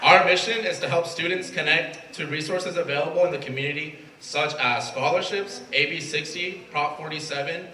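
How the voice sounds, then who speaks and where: A man's voice: a little high, normal speed, few pauses, reverberant, a crowd in the background, background noise. Brief: young male student leader from Mexico, earnest prepared remarks, far mic, faint ambience. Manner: emotional, earnest, reading a prepared speech. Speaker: student club president. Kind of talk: prepared speech. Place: event space at a college.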